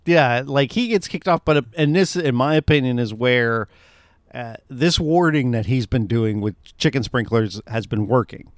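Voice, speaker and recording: Male podcast co-host, lively pitch, dry close mic, sarcastic asides. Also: moderate pace, no room sound. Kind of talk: casual movie review chat.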